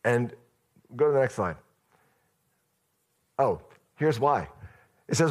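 A man's voice: mid-range voice, expressive, slow pace, long pauses. A male pastor giving a sermon in a conversational storytelling manner, addressing the church directly.

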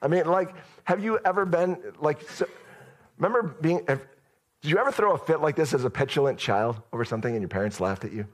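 A man's voice: fairly high pitch, fast talker. A male pastor giving a sermon in a conversational storytelling manner, addressing the church directly.

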